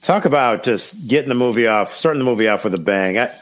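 A man's voice: mid-range voice, animated, fast talker. A man co-hosting a podcast, joking and chiming in casually. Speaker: podcast co-host. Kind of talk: casual chat.

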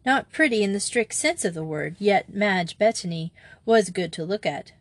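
A woman narrating a novel aloud in a measured, descriptive manner. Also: medium pitch, animated, no room sound. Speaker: audiobook narrator. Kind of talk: scripted narration.

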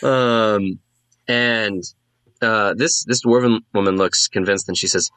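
A man's voice: lowish voice, steady tone, takes it slowly, a bit bright, clean tone, no room sound. A man narrating a tabletop game as game master, casual and full of fillers.

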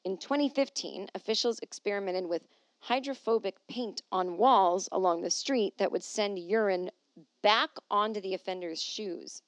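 A woman hosts a comedic solo podcast, reading the news aloud and riffing on it with sarcasm, free swearing and silly put-on voices. Her medium-pitched voice moves at a moderate pace in a dry recording.

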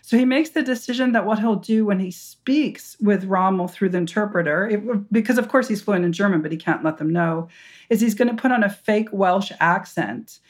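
A woman historian and author, answering interview questions with animated storytelling, full of restarts and fillers. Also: medium pitch, normal speed.

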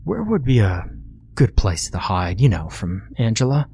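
A man's voice: on the low side, wildly swooping pitch, a little slow, mellow, slight background noise, full character voice. A man voicing a frightened, nervous young male office worker who stammers in a panic. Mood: stammering.

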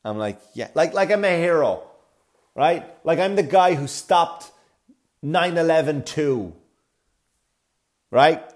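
A man's voice: on the high side, expressive, slow pace, pauses often. Profane, rambling man telling a story. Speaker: comedian. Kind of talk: storytelling comedy rant.

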